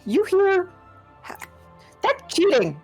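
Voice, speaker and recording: A woman voicing a skittish female macaw bird-woman wizard who talks in broken English with a high, chirpy voice. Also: huge pitch swings, extremely slow, faint music behind, full character voice. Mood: anxious, indignant.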